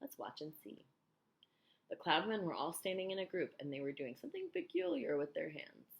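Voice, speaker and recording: A woman reading a children's book aloud, telling it in an expressive, animated way. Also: lowish voice, fast talker, gravelly. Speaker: storyteller.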